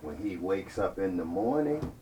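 A man's voice: deep voice, big pitch swings, normal speed, mellow, voice pushed down. A man preaching acts out an angry, scheming king who commands his army, recorded from a distance. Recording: distant mic, faint ambient noise.

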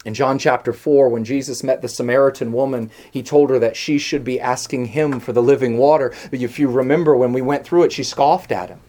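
A preacher delivering a sermon, building through strings of rhetorical questions and slowing down hard on key phrases. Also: medium pitch, fairly even intonation. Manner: swings between soft hushed lines and raised emphatic ones; slows down sharply on key phrases.

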